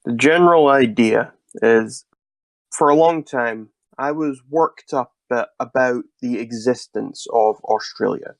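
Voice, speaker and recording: A man giving rambling, deadpan, mock-serious interview answers. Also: medium pitch, measured pace, no echo.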